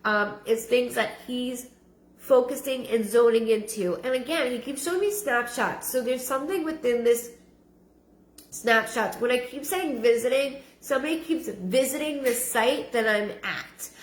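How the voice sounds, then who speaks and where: A woman giving a live-streamed psychic reading, halting and repeating her words with frequent ums. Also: a little high. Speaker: psychic medium. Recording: roomy echo.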